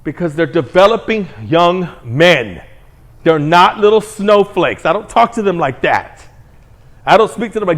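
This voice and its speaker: A man's voice: high-pitched, very animated, normal speed. A man who is a parent, ranting his opinions in a mocking, profane way and acting out the voices of the people he quotes. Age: adult parent. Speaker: commentary channel host. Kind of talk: opinion rant to camera.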